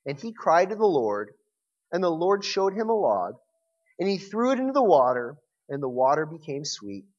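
A man in his forties preaching a sermon, telling stories in an animated way and often restarting his words. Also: on the high side, moderate pace, lo-fi sound. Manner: animated storytelling with repeated restarts. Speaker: pastor.

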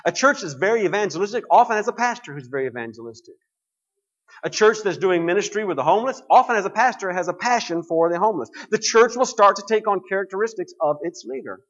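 A man's voice: high-pitched, highs cut off. A man preaching a sermon to his congregation, explaining scripture in a conversational way.

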